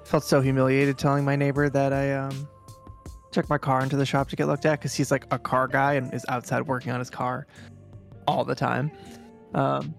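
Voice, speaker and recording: Gravelly laid-back man, casual chat. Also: medium pitch, little pitch movement, normal speed, faint music behind. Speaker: podcast co-host.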